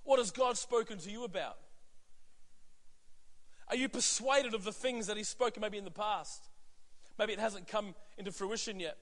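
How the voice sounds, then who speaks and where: A man's voice: high voice, moderate pace, long pauses, a bit bright. A man in his thirties preaching a sermon as pastor, conversational with frequent fillers and asides. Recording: long hall reverb.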